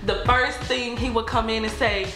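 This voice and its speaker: A woman telling a lively, funny story about her son, quoting him as she goes. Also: fairly high pitch, normal speed. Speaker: mother sharing a story. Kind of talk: casual testimony in a church video. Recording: echoey room with music behind.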